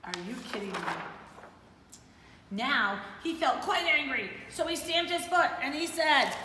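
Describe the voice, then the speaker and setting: A woman reading a picture book aloud to children, animated and talking to them between pages. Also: high-pitched, a little slow. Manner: animated, talks to kids and plays with puppets. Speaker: children's storyteller. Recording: echoey hall with faint noise.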